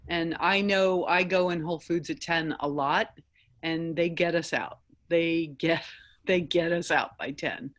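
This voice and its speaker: A woman's voice: lowish voice, unhurried. A woman on a video call in a meeting, raising concerns in a hesitant way.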